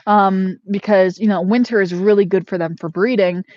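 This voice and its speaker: A woman's voice: mid-range voice, fairly even intonation, normal speed, darkish tone. Chatty woman homesteader, dull lo-fi sound. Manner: chatty storyteller with many fillers. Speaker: homesteader vlogger. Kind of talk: casual vlog chat. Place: inside a barn.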